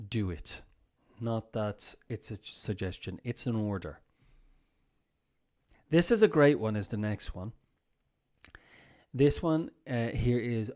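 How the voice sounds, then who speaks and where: A man's voice: medium pitch, darkish tone. A man giving a casual live lesson, explaining office phrases by acting out what a boss says. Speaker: English teacher.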